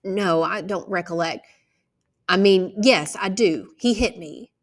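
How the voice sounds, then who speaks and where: A woman reading aloud, voicing a rough-spoken young woman witness who gives defiant, stumbling answers. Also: fairly low pitch, takes it slowly. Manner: defiant, stumbling answers, plain country grammar.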